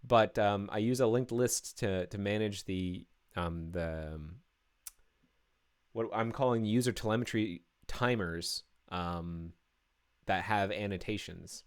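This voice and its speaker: A man's voice: fairly low pitch, takes it slowly, clear, resonant tone. A man live-streaming his coding work, talking through each step casually with many fillers and restarts.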